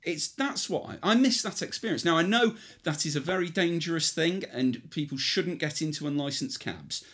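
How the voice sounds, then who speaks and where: A man's voice: a little high, moderate pace, few pauses, fairly bright tone. A man co-hosting a casual podcast, wry and self-mocking, often asking himself questions and answering them in clipped replies. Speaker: podcast co-host. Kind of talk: casual chat.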